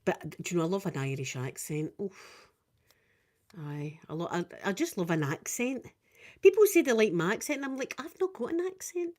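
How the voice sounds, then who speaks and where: A Scottish woman in her fifties, chatting casually with viewers on a live stream, rambling and swinging up and down in pitch. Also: very animated, moderate pace, darkish tone. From Scotland. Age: 50s.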